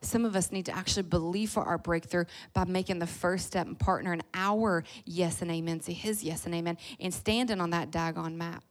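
A middle-aged woman with a Kentucky accent, preaching a sermon in a lively, folksy way that swings between loud and soft. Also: on the low side, brisk, hardly any pauses.

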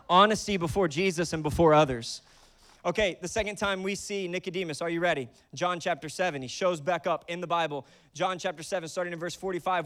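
Animated high-voiced male pastor preaching. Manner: animated, conversational, acts out voices in stories. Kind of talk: sermon.

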